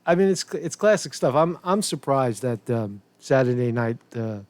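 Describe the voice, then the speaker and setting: A man's voice: medium pitch, animated, moderate pace, no echo. A man hosting a political commentary show, loose and profane, rambling with frequent restarts. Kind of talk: casual commentary.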